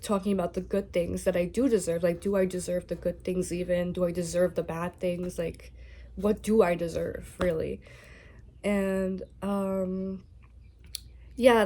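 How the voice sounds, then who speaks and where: A woman singer-songwriter talking candidly and softly to camera from her bedroom, open about her feelings. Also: lowish voice, a little hiss or hum. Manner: soft-spoken, candid, emotional. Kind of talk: casual talk to camera.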